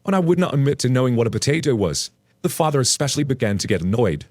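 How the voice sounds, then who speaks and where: A man's voice: mid-range voice, quick pace, dry recording. Dry-voiced man reading a story aloud. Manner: animated storytelling with playful asides. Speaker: story narrator. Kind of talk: reading a story aloud, then casual commentary.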